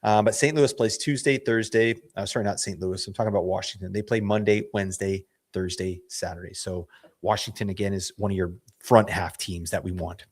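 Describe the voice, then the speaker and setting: A man hosting a fantasy hockey show, hoarse from losing his voice, chatting casually in a rambling, self-correcting way full of slang. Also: low-pitched, fairly even intonation, fairly quick. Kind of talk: casual analysis chat.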